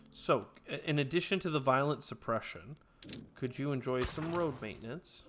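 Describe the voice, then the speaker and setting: A man commentating his own strategy game playthrough, bursting into excited trash talk and then dropping to quiet mutters. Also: mid-range voice, background noise. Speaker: let's play gamer. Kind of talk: gameplay commentary. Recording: clear game music behind voice. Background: game background music.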